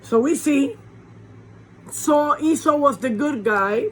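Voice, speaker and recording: A woman pastor giving an informal sermon from a small warm room with a fan running, preaching conversationally with rhetorical questions. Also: high-pitched, slow pace, slight background noise, low-quality recording.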